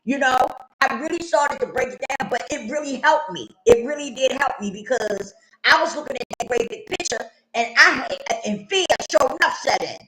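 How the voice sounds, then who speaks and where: A woman's voice: high voice, animated, moderate pace, fairly bright tone, a little hiss or hum. A middle-aged woman telling her own story candidly and bluntly, repeating phrases for emphasis and swearing casually. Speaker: vlogger sharing her recovery story. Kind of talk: candid personal testimony. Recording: echoey room.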